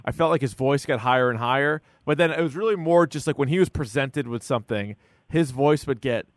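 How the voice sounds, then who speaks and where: A man co-hosting a podcast in casual chat, animated and acting out quotes with a jumpy, high voice. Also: brisk, no echo, clean studio sound. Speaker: podcast co-host.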